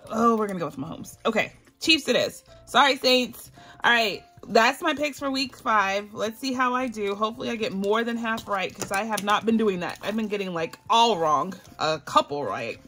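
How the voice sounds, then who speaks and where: A bubbly woman chats casually to her channel's viewers. She giggles often and keeps calling them y'all. Her voice sits a little high, with faint music in the background. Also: a bit bright. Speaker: budgeting channel host.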